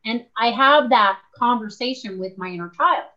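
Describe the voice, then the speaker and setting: A woman's voice: on the high side, normal speed, highs cut off. A woman guest author talking in an interview, telling stories animatedly and acting out the voices she quotes. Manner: animated storyteller, acts out her own quoted voices. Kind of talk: conversational interview.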